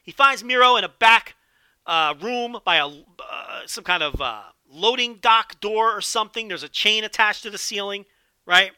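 A man hosting a solo podcast with animated, profane, joking commentary. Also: sits high, moderate pace, smooth, no room sound, clean studio sound. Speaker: podcast host.

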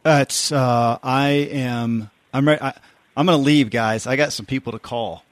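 A man's voice: medium pitch, fairly even intonation, unhurried. Male co-host, enthusiastic, trips over his words. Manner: stammering, enthusiastic. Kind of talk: casual reaction.

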